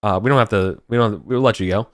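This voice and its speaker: A man voicing rough, foul-mouthed male mercenary guards who swear and bicker in confusion. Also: lowish voice, fast, a bit bright, dry recording, clean studio sound, lightly acted. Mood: conspiratorial.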